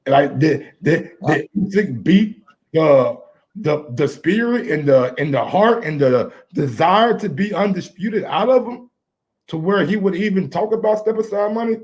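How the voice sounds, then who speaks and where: A man with a slightly high voice talks sports casually. He is laid-back and halting, and often restarts his sentences. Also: animated, a little mellow. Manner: laid-back, halting, repeats words as he starts.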